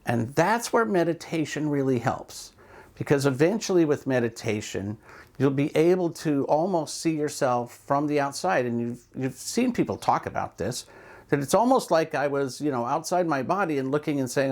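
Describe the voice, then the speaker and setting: A man's voice: mid-range voice, animated, moderate pace, a little mellow. A man, a speaker and coach, talking casually and reflectively about mindfulness, with loose asides and examples of self-talk.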